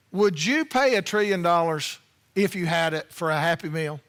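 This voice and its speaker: A male pastor preaching a sermon in an animated, conversational way, with playful asides to the congregation. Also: high voice, normal speed.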